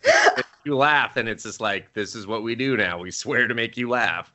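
A man in his thirties chatting casually on a podcast, his voice lively and rising and falling a lot as he tells funny family stories. His tone is bright and forward, and he laughs through his own tales and swears without a second thought. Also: medium pitch, moderate pace. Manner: laughing storyteller, swears freely, quotes people. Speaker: podcast co-host. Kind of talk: casual chat.

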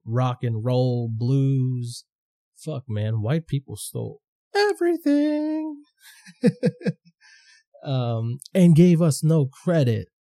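A man with a mellow, warm voice holds forth as a podcast host, thinking aloud in a loose, rambling monologue. His talk is casual and profane, and he swears freely as he goes. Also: mid-range voice.

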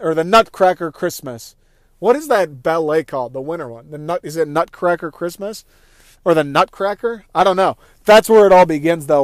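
A young man talks through a movie in a loose, excitable ramble, swearing as he goes and jumping into little acted-out reactions. His voice sits a bit high and comes across smooth and clean. It sounds dry and close, with no room around it. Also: no room sound. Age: young adult. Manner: rambling, excitable, profane, acts out quoted thoughts. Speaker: podcast host. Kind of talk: casual movie review monologue.

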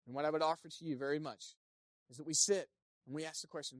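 A pastor preaching a sermon, animated, swinging between loud emphasis and quiet asides, and acting out the people quoted. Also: mid-range voice, fast, dry recording, clean studio sound. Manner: acts out quoted speakers in playful voices.

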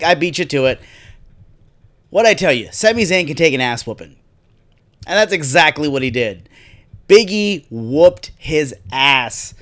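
A man hosting a solo wrestling recap podcast, talking casually with sarcastic, profane rants. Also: on the high side. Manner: sarcastic, profane, ranting asides. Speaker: podcast host.

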